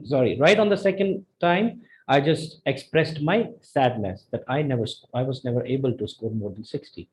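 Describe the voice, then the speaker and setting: A young man with an Indian accent teaching a spoken English lesson, animated and jumping his pitch up and down to show intonation. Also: normal speed, rough recording. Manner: animated, demonstrates intonation with sudden pitch jumps. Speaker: English speaking tutor.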